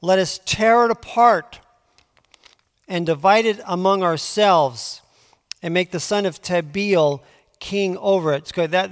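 A man preaching a conversational Bible teaching, moving between quiet asides and emphatic pleading. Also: a little high. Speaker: pastor. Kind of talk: sermon. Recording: long hall reverb.

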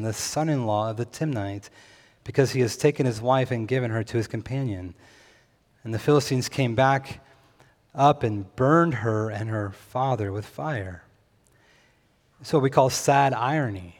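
Pastor type, male, mid-pitched, easy conversational preaching with humor, long hall reverb. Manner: conversational, jokes with the congregation. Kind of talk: sermon.

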